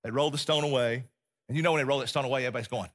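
A man preaching a sermon as a pastor, telling the story vividly and acting out the scenes, sometimes dropping to a quiet, intense delivery. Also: mid-range voice, fairly even intonation, racing.

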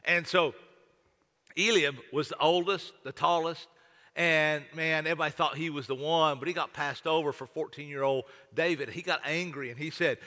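Folksy pastor preaching, keeps restarting, bright edgy voice, big church hall reverb. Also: male voice, fairly high pitch, steady tone, moderate pace. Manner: folksy, repetitive, stammering restarts. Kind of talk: sermon.

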